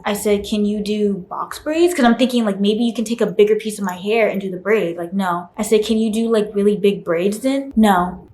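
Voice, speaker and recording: A young woman vlogger telling a storytime, animated, acting out quoted voices. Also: mid-range voice, normal speed, hardly any pauses, a little hiss or hum. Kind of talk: casual storytime chat. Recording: echoey room.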